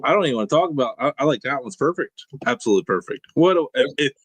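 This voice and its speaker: A man co-hosting a casual food show, joking around and giving shout-outs. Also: mid-range voice, animated, racing, husky, no room sound. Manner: laid-back, joking, lots of shout-outs. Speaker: co-host. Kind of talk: casual chat.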